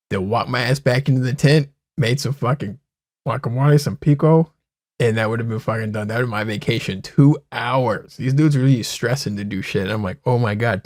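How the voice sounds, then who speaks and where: A young man in casual podcast banter, quick to swear and laugh. His voice sits at an everyday middle pitch. The mic is close and dry, with no room around it. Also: no room sound. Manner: profane, laughs a lot, animated retellings. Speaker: podcast co-host.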